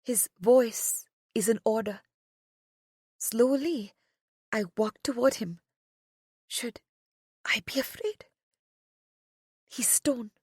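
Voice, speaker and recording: Slow, breathy woman narrating. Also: fairly high pitch, no room sound, studio quality. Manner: soft-spoken, often drops to a whisper. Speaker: audiobook narrator. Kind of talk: first-person romance audiobook narration.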